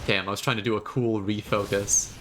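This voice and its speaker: A man streaming himself playing a video game, talking casually with rambling, sarcastic asides and animated bursts. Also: lowish voice, a little fast, noisy background. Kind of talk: casual gameplay commentary.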